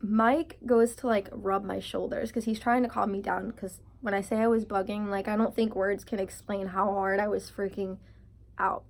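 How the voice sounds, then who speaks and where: Animated young woman telling a story. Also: medium pitch, moderate pace, creaky. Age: 20s. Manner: animated storytelling, acts out her panicked past self; heavy use of filler "like". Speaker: vlogger. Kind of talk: storytime vlog.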